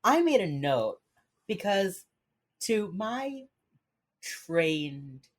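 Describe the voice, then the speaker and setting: A young adult woman co-hosting a podcast in relaxed, chatty talk, laughing often, recorded over a video call. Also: medium pitch, drawn-out words. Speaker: podcast co-host. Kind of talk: casual chat. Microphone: remote video call.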